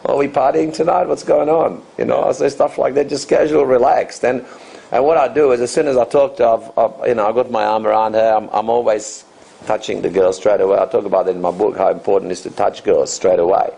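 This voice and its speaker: A man in his fifties with a low, gravelly, husky voice talks as a dating coach in an interview. His answers ramble loosely, with frequent restarts and fillers. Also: little pitch movement, quick pace, warm tone, poor audio. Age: 50s. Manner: loose, rambling, full of "you know" and restarts.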